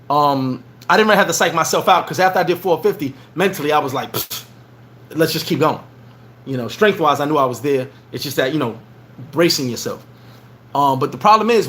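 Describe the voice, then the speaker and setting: A man's voice: fairly high pitch, fairly bright tone. A middle-aged man from the United States telling a long gym story in a loose, profane, rambling way, vlogging from his sports bar. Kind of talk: casual storytelling to camera.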